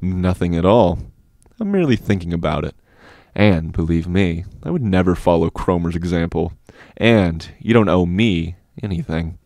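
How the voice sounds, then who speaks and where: A man voicing a self-assured older schoolboy who speaks softly and with measured calm. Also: sits low, dry recording. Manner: measured, soft, unhurried.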